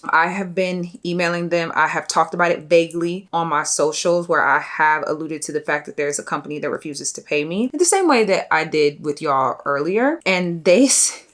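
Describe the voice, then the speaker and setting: A young adult woman vlogger talking casually to her viewers, venting in an animated, exasperated way with slangy asides. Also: low-pitched. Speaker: beauty vlogger. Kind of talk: casual vlog rant to camera.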